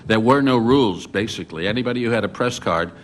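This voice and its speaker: An older man on a journalists' panel, recounting his reporting memories as an animated storyteller who often restarts his sentences. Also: on the low side, fast, a little hiss or hum. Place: conference hall.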